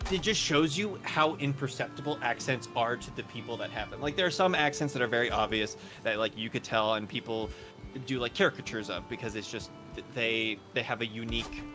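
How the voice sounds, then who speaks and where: A man hosting a live gaming stream, chatting casually and rambling with frequent laughs. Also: mid-range voice. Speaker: streamer host. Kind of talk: casual chat while gaming. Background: music.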